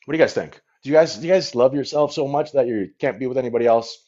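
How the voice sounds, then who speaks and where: A man's voice: medium pitch, fast talker, dark tone. Rambling, mock-boastful man on a livestream. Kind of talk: comedic livestream chat. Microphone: phone at arm's length. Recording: dull lo-fi phone stream.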